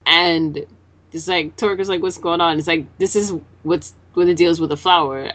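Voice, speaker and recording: Lively woman recapping a manga chapter. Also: low voice. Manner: animated retelling, acting out characters' lines; swears casually. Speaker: podcast co-host.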